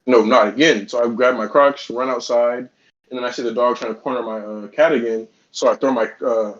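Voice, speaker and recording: A man's voice: medium pitch, steady tone, brisk, highs cut off. A man co-hosting a casual podcast, telling a heated, profane story. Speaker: podcast co-host.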